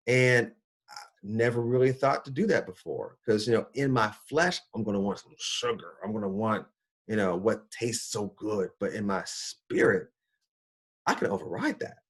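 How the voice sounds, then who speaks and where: A middle-aged man recounting his personal health journey as a doctor. His voice sits on the low side and swings widely when he acts out his own surprise, loosely and conversationally. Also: breathy edge. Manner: animated, acts out his own reactions with big pitch jumps. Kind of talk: personal storytelling talk.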